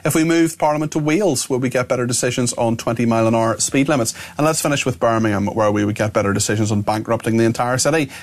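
Fast-talking radio host. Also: male voice, fairly low pitch. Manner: fast, plain reading with frequent "uh" fillers. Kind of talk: reading listener messages on air.

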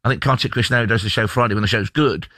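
A man's voice: lowish voice, quick pace, pushed and bright, no echo, clean studio sound. A man co-hosting a radio show, bantering with jokes. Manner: playful, jokey banter. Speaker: radio co-host. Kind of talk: casual chat.

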